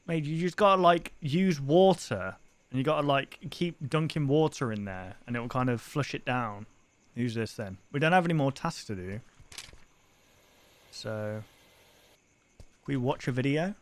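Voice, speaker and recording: A man's voice: a little high, animated, measured pace. A young man streaming a horror game, reacting with crude exclamations and frequent swearing. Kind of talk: let's-play commentary.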